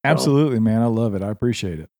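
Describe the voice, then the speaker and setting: Podcast host, man: brisk, friendly, mellow low tone, dry sound. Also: animated, no echo. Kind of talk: casual chat.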